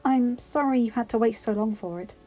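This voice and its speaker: A quiet young woman speaks softly with a rueful note, as a woman reads her. The recording is slightly dull and lo-fi. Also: on the high side, fairly quick, soft background music, close to an everyday voice. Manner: soft, rueful.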